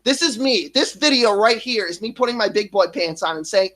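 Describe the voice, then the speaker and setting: On his stream, a man in his thirties confesses things from his past, emotional and at times near tears. He swears constantly, stops and restarts sentences, and trails off, speaking briskly in a sharp tone with lively intonation and a voice a little higher than most men's.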